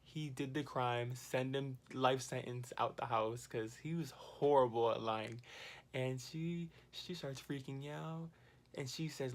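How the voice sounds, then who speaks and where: This is a man talking straight to his viewers in a casual, chatty recap of a reality show. He is animated and exclaiming, and he laughs at the drama he describes. His pitch sits in the middle of the range for a man. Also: measured pace. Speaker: TV recap vlogger. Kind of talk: casual commentary.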